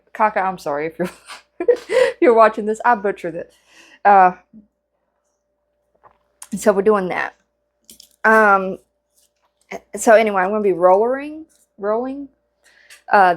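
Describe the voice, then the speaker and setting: Lady chatting while she crochets, kinda low voice, rambly, lots of ums. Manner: chatty and rambling, with many fillers and self-corrections. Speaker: vlogger. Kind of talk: casual chat to camera.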